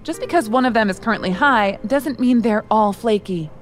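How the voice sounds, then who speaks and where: A woman's voice: fairly high pitch, normal speed, natural voice. A woman voicing a bossy young female music executive who shrieks and sneers. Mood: angry. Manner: shrieking, scornful.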